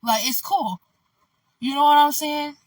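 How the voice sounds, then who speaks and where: A woman's voice: sits high, measured pace, dry recording, recorded from a distance, poor audio. A woman vlogger telling a casual story in a loose, candid ramble, full of "like" and "you know".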